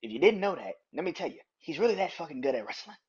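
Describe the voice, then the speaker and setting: A man's voice: fairly high pitch, very animated, quick pace, gravelly, darkish tone, breathy edge. A man hosting a wrestling podcast, ranting in a heated, profane, emphatic way. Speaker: podcast host. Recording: dull lo-fi audio.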